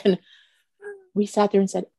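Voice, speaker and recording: A middle-aged woman, a guest, telling a personal story earnestly, with pauses and restarts. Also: medium pitch, completely flat delivery, creaky, warm tone, no room sound.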